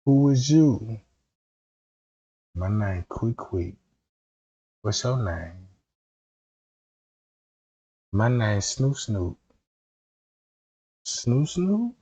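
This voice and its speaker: A man voicing a man disguised as a woman, flirting at a bar in a hushed, coy, drawn-out way, on a dull lo-fi recording. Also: medium pitch, very animated, breathy edge, voice pushed down, heavily acted.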